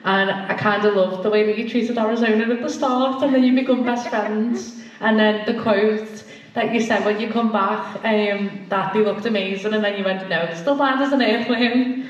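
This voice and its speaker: A woman in the audience asks a rambling question, pausing on lots of ums. Her middle-pitched voice comes from far off in a booming hall, and the sound is a little dull and muffled. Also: fairly even intonation. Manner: hesitant, many ums, rambling. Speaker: fan asking a question.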